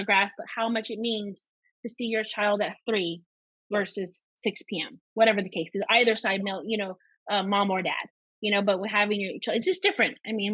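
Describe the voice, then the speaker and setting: Woman, Texan accent, middle pitch, dry close recording, thoughtful, hedging, podcast chat. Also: a bit bright, no room sound, poor audio. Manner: thoughtful, many hedges and restarts.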